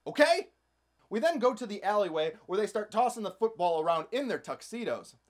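A man's voice: high-pitched, very animated, a little fast. A man hosting a comedic movie recap, narrating with sarcastic, playful asides. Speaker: host.

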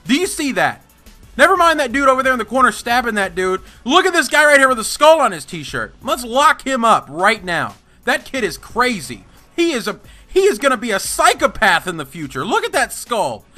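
Young man, high voice, indignant ranting, swearing, faint music behind. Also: very animated, a little fast, sharp tone. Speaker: gaming channel host. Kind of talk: storytime vlog over gameplay.

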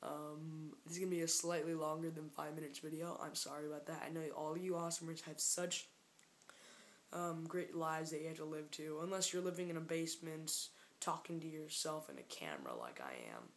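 Rambling, jokey woman vlogger, lowish voice. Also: a little fast, slight background noise. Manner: rambling and jokey, keeps getting sidetracked. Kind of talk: casual vlog. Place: room alone, upstairs. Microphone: camera mic.

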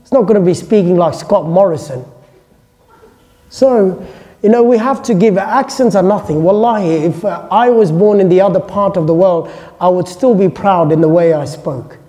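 The recording has a long hall echo as a native English-speaking man lectures a classroom on Islam. His tone is relaxed and joking, with chatty side remarks. His voice is high and mellow, at a normal speed.

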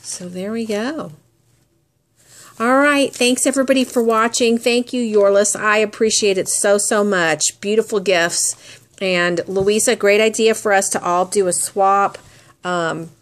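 A woman's voice: mid-range voice, a little slow. A woman crafting vlogger chatting casually as she shows off handmade gifts, gushing and admiring as she goes. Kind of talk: casual unboxing chat.

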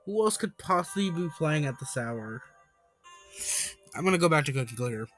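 A young man giving casual, excitable gameplay commentary who swears and breaks into high panicked yelling. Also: normal speed, faint music behind, low-quality recording. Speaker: gaming YouTuber.

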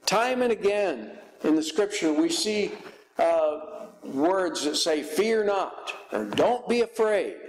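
Slow, halting man preaching a sermon. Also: sits high, big pitch swings, rough recording. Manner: slow, halting delivery with many fillers. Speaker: guest pastor. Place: church.

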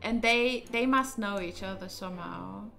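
A woman's voice: mid-range voice, normal speed, gravelly, sharp tone, soft background music. A woman streaming a puzzle game, thinking aloud in a hesitant, casual way, with fillers as she works things out. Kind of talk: casual let's-play commentary.

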